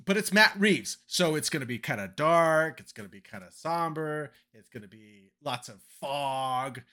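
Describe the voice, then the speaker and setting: Man, casual co-host chat, bright forceful voice, rambling, self-deprecating. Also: a little high, animated, moderate pace. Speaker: podcast co-host.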